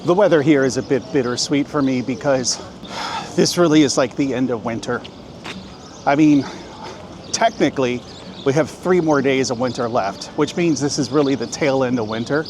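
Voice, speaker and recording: A man's voice: mid-range voice, normal speed. A man in his thirties walking city streets and chatting casually to his camera as a travel vlogger, joking and thinking aloud. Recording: outdoor street noise. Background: street and traffic noise.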